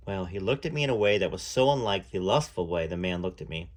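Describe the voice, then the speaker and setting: A man reading a first-person story aloud in a measured way, now and then pausing to add his own asides. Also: low voice, animated.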